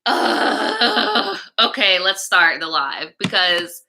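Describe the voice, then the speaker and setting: A woman's voice: high-pitched, animated, measured pace, bright, forceful tone. A young woman hosting a livestream, telling a story in a casual, profane, exasperated rant. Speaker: livestream host.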